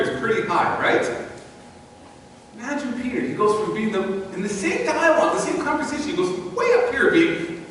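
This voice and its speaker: A male pastor preaching a sermon in a church, telling the story in a conversational, animated way with rhetorical questions to the congregation. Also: extremely high pitch, normal speed, slight background noise. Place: church sanctuary. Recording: echoey hall, voice from far off.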